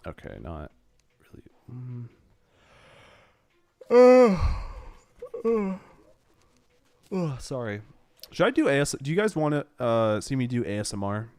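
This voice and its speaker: A man's voice: mid-range voice, sing-song, normal speed. A young man streaming a game, rambling and swearing with mock exasperation, nose running from allergies. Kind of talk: casual game stream chatter.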